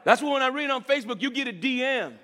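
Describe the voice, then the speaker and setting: A man preaching a sermon with enthusiasm, repeating words and swinging between loud calls and low murmurs. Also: lively intonation, quick pace, long reverb tail.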